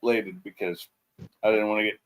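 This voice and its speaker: A man's voice: fairly low pitch, level tone, a little fast, poor audio. A man hosting a stream, chatting casually with the hiccups and swearing freely when they won't stop. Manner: swears freely, easily irritated. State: has the hiccups. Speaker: stream host. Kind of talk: casual chat.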